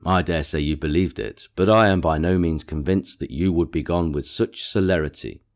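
A man reading a proud, cool gentleman, very deep. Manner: dry, measured, coolly precise.

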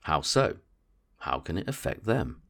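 Dry teasing husband, low and unbothered, a man reading him. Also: big pitch swings, creaky, fairly bright tone, exaggerated voice. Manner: dry, unhurried, understated.

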